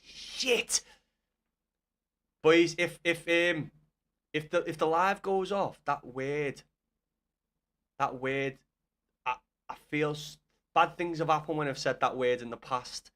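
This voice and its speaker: A man's voice: fairly high pitch, measured pace, long pauses, fairly bright tone. A young man chatting on a gaming livestream, answering his chat with blunt, sweary banter.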